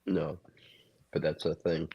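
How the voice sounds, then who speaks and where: A man with a Massachusetts accent, his voice extremely deep and low, talks in a laid-back drawl on a casual podcast and drops dry one-liners. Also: flat delivery, slow, vocal fry, breathy edge, lo-fi sound. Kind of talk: casual chat.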